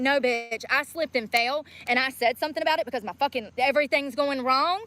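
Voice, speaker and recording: A woman's voice: high-pitched, fairly even intonation, a little fast, hardly any pauses, a bit bright. Fired-up woman ranting on the street. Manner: profane, combative, ranting. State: weary and in pain from walking. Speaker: homeless livestreamer. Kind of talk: angry livestream rant. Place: outdoors on a town street.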